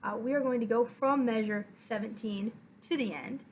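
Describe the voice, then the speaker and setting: A woman violin teacher giving a patient, step-by-step lesson, counting beats aloud and filling pauses with "uh" and "um". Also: on the high side, a little hiss or hum, rough recording. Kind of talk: online music lesson.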